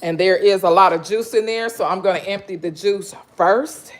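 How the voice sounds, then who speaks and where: A woman's voice: mid-range voice, normal speed. A woman chatting casually with viewers on a live stream while she cuts fruit and juices in her kitchen, greeting people by name and laughing often. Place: home kitchen.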